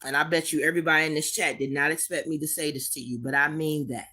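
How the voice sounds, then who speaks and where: A woman's voice: deep voice, steady tone, fast, bright, forceful tone. A woman hosting a live chat, speaking tenderly and calling people sweetie and baby, holding back tears as she repeats herself. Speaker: livestream host reading chat.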